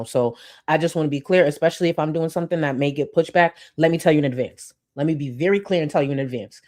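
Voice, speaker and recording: A woman's voice: low-pitched, fast talker, darkish tone. A woman streamer giving blunt, emphatic commentary, swearing freely and reading chat comments aloud.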